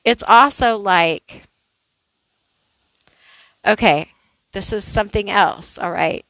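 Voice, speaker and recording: Lady reading tarot cards slow and chatty, dry close sound. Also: medium pitch, fairly bright tone, no room sound, low-quality recording. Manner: slow, thinking aloud, chatty with many "like"s. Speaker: tarot reader. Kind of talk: casual pick-a-card tarot reading.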